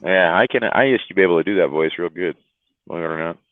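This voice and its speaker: Low-voiced tired man, tinny stream. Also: quick pace, dry recording. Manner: rambling, joking, laughs often. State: tired, worn out. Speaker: livestream host. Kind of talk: casual chat. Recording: tinny phone-like livestream audio.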